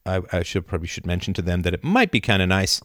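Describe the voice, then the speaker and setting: Lively low-voiced man chatting on a stream. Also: fast, no echo, studio quality. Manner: animated, reads chat aloud, laughs at own jokes. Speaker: livestream host answering chat. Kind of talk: casual live-stream chat. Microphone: camera and mic on a live video chat.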